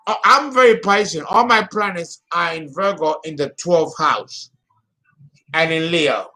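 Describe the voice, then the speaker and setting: A man's voice: on the high side, a little slow, bright, forceful tone. A man in his fifties giving a theatrical, exclamatory solo astrology talk. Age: 50s. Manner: dramatic, exclamatory, laughing.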